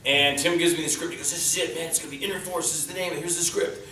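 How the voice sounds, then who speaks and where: A man telling animated stories on a convention panel, acting out what others said in raised voices. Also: fairly high pitch, fast. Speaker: indie film actor and stuntman, panelist. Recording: roomy hall from far off, faint noise.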